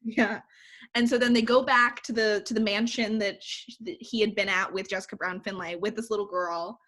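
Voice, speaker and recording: Woman, casual chat, animated movie recap, lots of "like". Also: medium pitch, normal speed. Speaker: podcast co-host.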